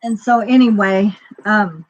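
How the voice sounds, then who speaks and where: A woman's voice: medium pitch, a little slow, poor audio. A woman casually telling a personal story, rambling, with lots of fillers and acted-out dialogue.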